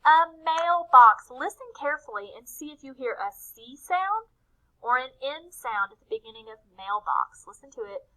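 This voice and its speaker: A teacher with a high, bright voice walks young children through a phonics lesson, speaking slowly in a sing-song way and stretching out each letter sound. Gentle, encouraging and expressive, she asks questions and then answers them herself. The recording is rough.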